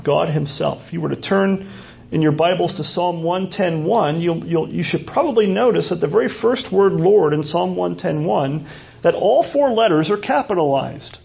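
Male pastor, high voice, gravelly, teaching sermon, rhetorical questions. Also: lively intonation, normal speed. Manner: teaching, repeats phrases, asks rhetorical questions. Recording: dull lo-fi sermon recording.

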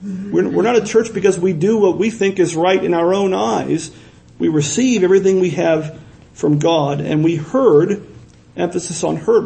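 A man's voice: high voice, gravelly, warm tone, poor audio. A man preaching a sermon as pastor, earnest, repeating words for emphasis and asking his listeners questions.

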